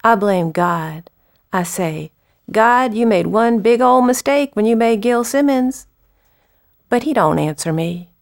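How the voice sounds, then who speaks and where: A woman poet reading her poems aloud with unhurried, expressive phrasing and short spoken introductions. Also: fairly high pitch, creaky, no echo, studio quality.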